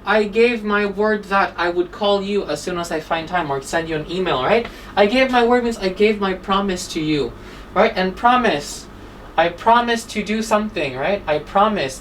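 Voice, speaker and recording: A woman's voice: mid-range voice, far from the mic, slight background noise, rough recording. A woman teaching an English exam-prep class, explaining word forms and checking in with "right?" and "okay?" after nearly every point.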